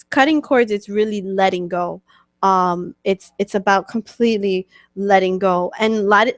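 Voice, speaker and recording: A woman with a New York accent talks through a webcast as a spiritual coach, explaining things casually and checking in often with "okay?" and "right?". Her voice sits at a middle pitch and is recorded dry and close, with no room sound around it. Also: a bit bright, no room sound. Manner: chatty, many fillers and "okay?" check-ins. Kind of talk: casual teaching talk answering questions.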